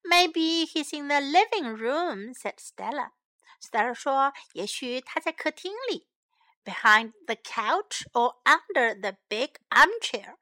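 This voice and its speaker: Animated woman reading a children's story. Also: high voice, no room sound. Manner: reads each English line then translates it, with lively character voices; repeats English phrases slowly for learners. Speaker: bilingual storyteller and English teacher for children.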